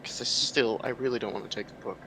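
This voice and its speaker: A male player at a game table who explains things in an eager, rambling flow at a middling pitch. Clear background noise sits under his voice. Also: steady tone, fast. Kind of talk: casual game-table chat.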